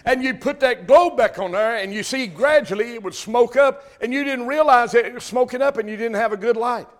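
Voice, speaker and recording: An older man with a drawl delivers a fiery sermon. His voice sits high and ringing, and he swells to loud emphasis on the words that matter. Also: fairly quick. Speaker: pastor.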